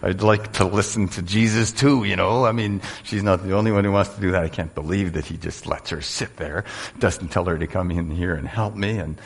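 A man's voice: sits low, brisk, vocal fry, slightly rough, full character voice. A man voicing a frazzled, overworked woman who complains indignantly, acted out within a sermon. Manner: complaining, exasperated.

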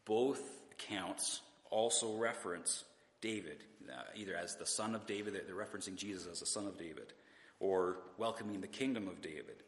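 A man's voice: low-pitched, normal speed. Man preaching in an echoey church. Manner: conversational, rhetorical questions, occasional restarts. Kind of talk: sermon. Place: church sanctuary.

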